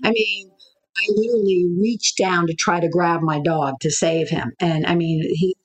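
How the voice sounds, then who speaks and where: A woman, a business coach, telling an interviewer a personal story in a halting way, full of fillers and restarts. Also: lowish voice, fairly even intonation.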